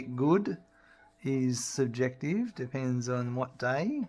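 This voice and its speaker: A middle-aged man giving relaxed, chatty commentary while streaming a game. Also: mid-range voice, slow pace, pauses often. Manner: relaxed, chatty, talks to his dog in a sing-song voice. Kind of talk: casual gameplay commentary.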